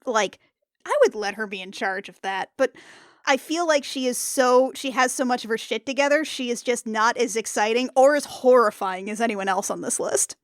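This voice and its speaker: A woman's voice: fairly high pitch, normal speed, no room sound, studio quality. A woman on a comedy podcast panel, musing on her picks in a thoughtful, amused way. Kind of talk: casual comedic panel chat.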